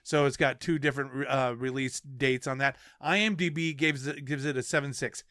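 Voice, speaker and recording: A man's voice: mid-range voice, steady tone, normal speed, bright, forceful tone, no room sound, studio quality. A man co-hosting a podcast, laid-back and profane, reading movie details. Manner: laid-back, profane, stumbles over names. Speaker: podcast co-host. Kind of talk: casual chat and reading movie info.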